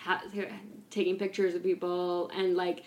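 A woman's voice: lowish voice, completely flat delivery, unhurried, a little mellow, echoey room. A young woman co-hosting a podcast, chatting casually and giggling through gossip with lots of fillers. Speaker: podcast co-host.

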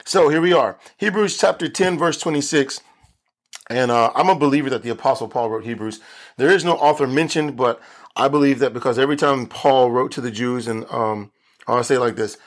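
This pastor's mid-range voice moves a little fast as he leads a Bible study sermon recorded for video. He sounds earnest and emphatic, repeating key phrases to drive them home.

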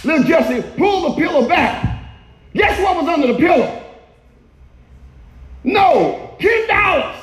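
A male pastor preaching a sermon in a church, shouting often and calling for the congregation to respond. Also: very high-pitched, sing-song, a little slow, long pauses, reverberant, rough recording.

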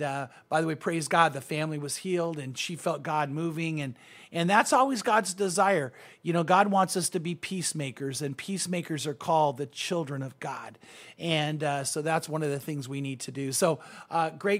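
A man preaching a sermon as pastor, earnest and emphatic, often restarting his sentences with fillers. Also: on the high side.

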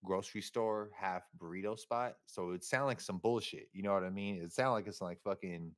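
A young man from San Francisco chats as a podcast guest in a low-pitched voice. He talks in loose slang, swears freely and rambles with a laugh here and there. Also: fairly quick. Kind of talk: casual chat.

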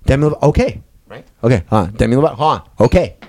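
A young man hosting a podcast, ranting loudly and rambling in casual, profane chat. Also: mid-range voice, racing. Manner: loud, profane, rambling rants. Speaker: podcast host.

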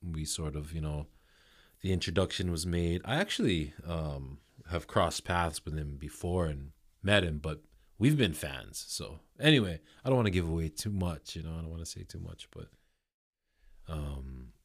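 A middle-aged man with a very deep, low voice, talking alone into the mic as a podcast host. He rambles in a loose, easygoing way, peppering his chat with curse words and "um"s. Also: normal speed. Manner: loose, swearing, rambling with many fillers. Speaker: podcast host and touring musician. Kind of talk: casual solo podcast chat.

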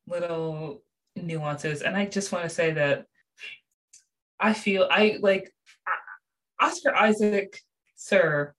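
A young woman with a low, deep-set voice talks through a TV show in casual chat. She gushes and gets animated, piling on fillers as she goes. Her tone stays relaxed and unscripted. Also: slow. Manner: animated, gushing, many fillers. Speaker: show reviewer.

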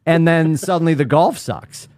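A middle-aged man co-hosting a podcast in casual chat, rambling and animated with lots of restarts. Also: a little high, moderate pace, no room sound, studio quality. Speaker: podcast co-host.

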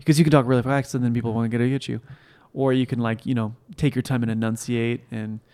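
A man chatting casually as co-host, relaxed and agreeable, with many fillers. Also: medium pitch, fast talker, smooth. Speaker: co-host and game announcer. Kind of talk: casual chat.

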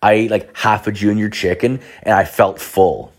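Profane young man, lowish voice. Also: fairly even intonation, normal speed. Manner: profane, rambling, many restarts and fillers. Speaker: storyteller. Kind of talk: casual personal anecdote.

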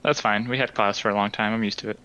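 Bright-voiced man on a dull mic. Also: fairly low pitch, fairly even intonation, quick pace, clear, resonant tone. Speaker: player. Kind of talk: casual game chat.

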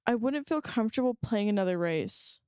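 A woman's voice: a little high, animated, a little fast, a little mellow, clear, resonant tone, dry recording. Podcast co-host, woman, loose rambling chat with lots of fillers, dry close sound. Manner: rambling, hesitant, many fillers and restarts. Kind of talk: casual chat.

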